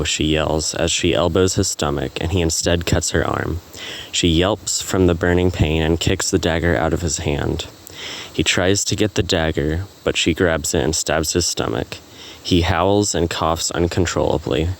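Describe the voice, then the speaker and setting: A man narrating a story he wrote, reading in an even, unhurried way. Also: very deep voice, a little hiss or hum. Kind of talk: reading a self-written story.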